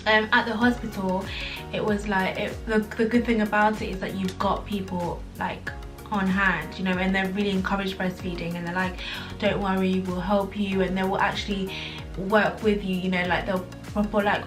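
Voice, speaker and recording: A woman's voice: mid-range voice, fairly bright tone. Young woman, casual home vlogger, candid and chatty, slightly distant mic, faint music bed. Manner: chatty and candid, full of "like", talks to viewers as "guys". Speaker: vlogger, first-time mother. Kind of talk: casual chat to camera. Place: home room.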